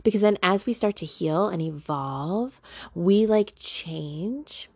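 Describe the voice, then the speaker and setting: A woman talks casually to her audience about spiritual self-help, slangy and rambling with filler words. Her voice sits fairly low with a lot of vocal fry. The recording is dry and close. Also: slow pace, a little mellow, no room sound. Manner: chatty, peppered with "like", slangy. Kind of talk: casual talking-to-camera monologue.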